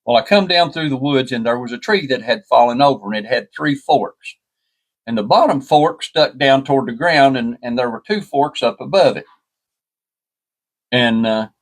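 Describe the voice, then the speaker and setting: A man telling a story in a folksy, rambling way, often restarting with "and, and". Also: mid-range voice. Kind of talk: casual spoken storytelling.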